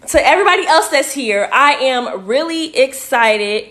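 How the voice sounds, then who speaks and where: A woman's voice: high-pitched, expressive, normal speed, few pauses. Casual woman coach talking to viewers. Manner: warm, direct, uses "y'all" and "baby". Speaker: spiritual coach. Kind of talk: casual livestream talk to viewers. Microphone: phone.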